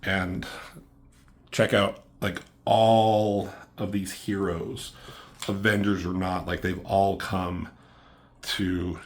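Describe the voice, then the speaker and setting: Low-voiced man rambling through a comic review. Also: flat delivery, takes it slowly. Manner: loose, rambling, filler-heavy, swears casually.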